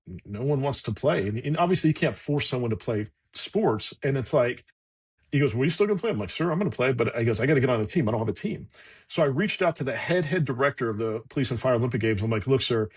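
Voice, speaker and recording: A man's voice: mid-range voice, breathy edge. A man chatting as a podcast guest, telling a long anecdote casually, acting out what people said and swearing freely. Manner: lively anecdotal, acts out quotes, swears freely. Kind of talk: casual storytelling in conversation.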